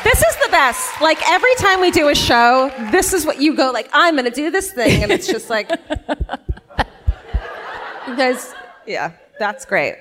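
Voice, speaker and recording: A woman co-hosting a live comedy podcast, throwing in quick, teasing remarks and laughing along. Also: sits high, sing-song. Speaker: podcast co-host. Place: live theater stage before an audience. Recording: live stage mic with loud crowd and noise.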